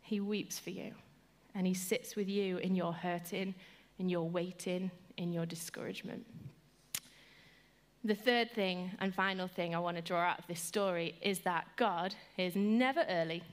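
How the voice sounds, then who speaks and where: A woman giving an earnest sermon, repeating phrases and slowing down to stress them, lively when she tells stories. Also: fairly low pitch. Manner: earnest and repetitive, slowing for emphasis; animated when telling stories. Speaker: speaker giving a devotional talk.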